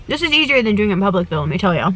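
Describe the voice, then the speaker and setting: A woman's voice: medium pitch, sing-song, rapid-fire, a bit bright. A young woman chatting to her camera from inside a parked car, gushing and eating as she talks, often with her mouth full. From United States. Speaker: travel vlogger. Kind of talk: casual chat to camera while eating.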